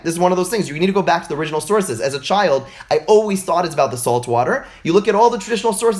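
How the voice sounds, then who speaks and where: A man teaching religious texts in an informal lecture over a video call, animated and full of rhetorical questions. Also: sits high. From United States.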